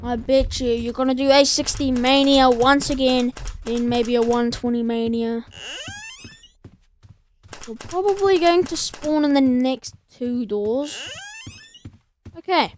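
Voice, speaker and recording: A woman's voice: high voice, slow pace, pauses often, slight background noise. A woman giving casual let's-play commentary, chatting to the game's monsters and counting doors aloud. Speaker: gameplay streamer.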